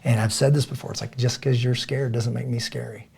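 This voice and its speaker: A man with a gravelly, husky voice co-hosts a casual podcast. He tells stories with energy and acts out the lines he quotes. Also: mid-range voice, brisk. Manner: animated storyteller, acts out quoted dialogue loudly. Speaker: podcast co-host.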